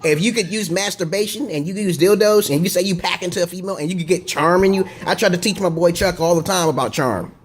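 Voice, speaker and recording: A man's voice: sits high, fast, hardly any pauses, breathy edge. A man ranting to his own camera in a casual vlog, profane and rambling, repeating himself and tossing in "okay?" again and again. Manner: profane, rambling, digressive monologue. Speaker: video blogger.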